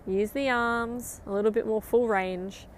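A woman's voice: fairly high pitch, steady tone, measured pace, a little hiss or hum. A woman coaching a guided interval run outdoors, upbeat and encouraging as she counts down. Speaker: running coach.

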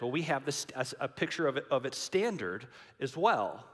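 A man's voice: mid-range voice, very animated, normal speed. A man preaching a sermon in a dramatic, emphatic way, repeating key lines for weight. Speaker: pastor. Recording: long hall reverb.

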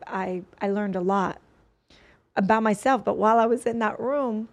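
An adult woman sits in as a podcast guest and tells a personal story in an earnest, winding way. She often breaks off and restarts her sentences. Her voice sits at an ordinary middle pitch. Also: moderate pace. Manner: earnest, rambling, with many restarts.

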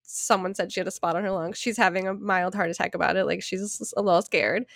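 Animated, swearing woman telling a story. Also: medium pitch, fast, vocal fry, no room sound, studio quality. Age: 30s. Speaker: podcast co-host. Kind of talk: casual chat.

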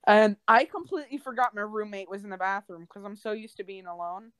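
A woman's voice: medium pitch, brisk, clean tone, no echo. Young woman on a podcast, rambling stories, dry close sound. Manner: rambling storyteller, restarts and animated quoted voices. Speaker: podcast co-host. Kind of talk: casual chat.

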